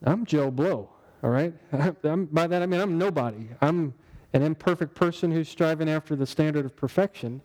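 A man's voice: a little high, normal speed, darkish tone, long reverb tail, low-quality recording. A man preaching a sermon in a conversational way, asking the congregation rhetorical questions. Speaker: pastor.

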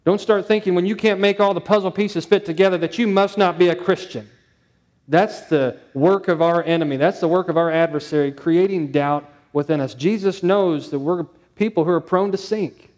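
A man's voice: sits high, moderate pace, darkish tone. A male pastor preaching a sermon, stressing points through repetition and rhetorical questions.

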